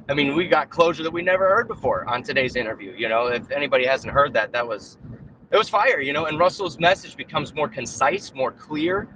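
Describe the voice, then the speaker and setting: A man's voice: on the high side, noisy background. A man ranting in casual chat on a live stream, rambling, with lots of fillers and restarts. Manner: puts on mocking voices when quoting. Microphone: own mic on a remote call.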